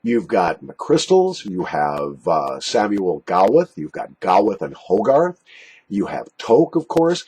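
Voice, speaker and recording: A man's voice: takes it slowly, slightly rough, low-quality recording. A man reviewing snuff in a casual, jokey, self-mocking monologue from a basement. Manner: jokey, self-mocking, lively pitch swings. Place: basement room.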